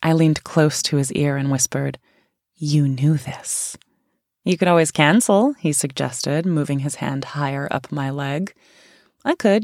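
A woman's voice: deep voice, a little mellow, dry recording, clean studio sound. A woman narrating her own memoir in the first person, candid and playful, with a teasing edge.

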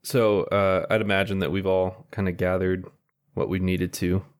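A man playing a tabletop game, describing his character's actions in a halting way with many fillers. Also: low voice, level tone, clear, resonant tone. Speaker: player.

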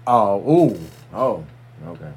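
Low-voiced man cracking side jokes. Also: big pitch swings, slow, darkish tone, breathy edge. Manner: joking side comments. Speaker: podcast guest. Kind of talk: casual chat.

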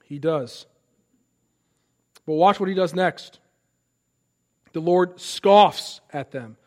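A man in his thirties preaching a sermon. He swings between loud, impassioned lines and soft, conversational asides. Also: fairly high pitch, slow pace. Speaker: pastor.

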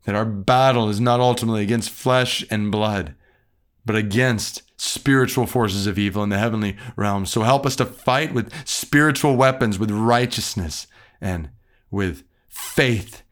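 A man's voice: lowish voice, normal speed. A man who is a pastor, reading scripture and then leading an earnest, reflective prayer.

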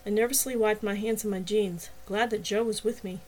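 A woman reading her own novel aloud as an audiobook, in clear, steady first-person narration. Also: medium pitch, brisk.

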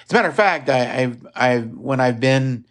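A man's voice: mid-range voice, lively intonation, normal speed, fairly bright tone. Rambling Midwestern American man. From Midwestern United States. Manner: rambling and digressive, with many fillers and restarts. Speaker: podcast host. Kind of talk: casual podcast chat about a film.

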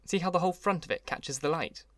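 This is a man voicing a charming, wealthy young gentleman from an audiobook. He speaks in a raised, eager voice, stretching his words with effusive delight. The recording is close and dry. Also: on the high side, fast, no echo, pitched above the performer's own voice, close to an everyday voice. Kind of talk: audiobook character reading.

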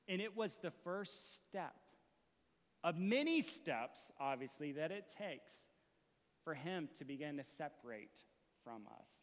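A man preaching a sermon as a story, moving from hushed retelling to impassioned shouting. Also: on the high side, big-room sound. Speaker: pastor.

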